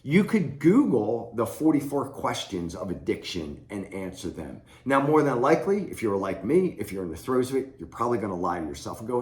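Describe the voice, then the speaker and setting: Talking directly to the camera in an echoey room, a middle-aged man offers blunt, no-nonsense advice as a recovery coach. He has a mid-range, darkish, sing-song voice at normal speed.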